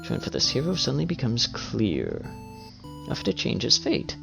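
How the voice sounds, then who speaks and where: A man's voice: mid-range voice, huge pitch swings, normal speed, gravelly. A man reading a game aloud with casual, swearing, joking commentary as a game streamer. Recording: slightly dull audio with faint music.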